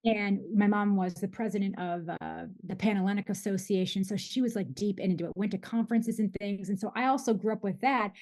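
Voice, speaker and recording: A woman in her forties from Michigan, guesting on a podcast with a voice in an ordinary middle register. She talks in a chatty, animated way and often restarts her sentences. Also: medium pitch, a little fast, hardly any pauses. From Michigan, USA. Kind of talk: casual interview storytelling.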